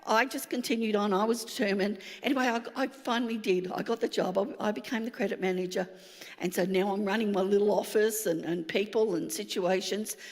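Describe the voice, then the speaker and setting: A woman, a pastor telling a lively personal story in a sermon, acting out the dialogue. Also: medium pitch, long reverb tail. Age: 60s.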